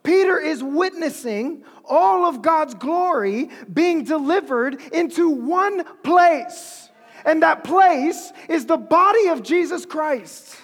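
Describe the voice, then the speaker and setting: A preacher giving an animated, humorous, conversational sermon in a large hall. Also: high voice, takes it slowly.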